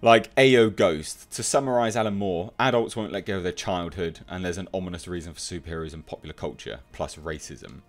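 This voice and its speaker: A man with a fairly low voice delivers opinionated commentary for an online video. He reads out comments and mocks them, emphatic and scornful. Faint music sits quietly under his voice. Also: a little fast, few pauses. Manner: mocking, emphatic, laughs at commenters. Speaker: commentary youtuber.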